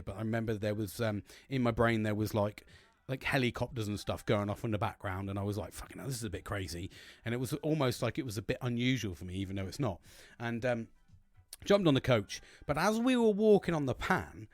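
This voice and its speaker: A man's voice: mid-range voice, no echo. A man hosting a podcast, telling a long story casually, rambling and swearing often. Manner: animated, heavy swearing, rambling with restarts. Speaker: podcast host.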